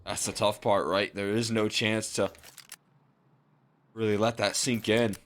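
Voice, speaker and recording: Laid-back esports color caster. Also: male voice, fairly low pitch, flat delivery, a little slow. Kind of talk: live color commentary.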